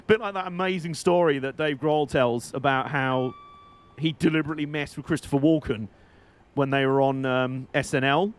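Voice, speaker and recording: Male streamer, slightly high pitch, rambling and chatty, laughs a lot. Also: expressive, moderate pace, pauses often, fairly bright tone. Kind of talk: casual live-stream commentary.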